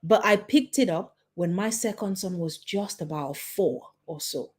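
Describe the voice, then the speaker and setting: A woman's voice: fairly low pitch, measured pace, breathy edge. A woman in her forties giving a motivational talk to parents as a parenting coach, emphatic, repeating her points and asking the listener questions. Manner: checks in with "okay?".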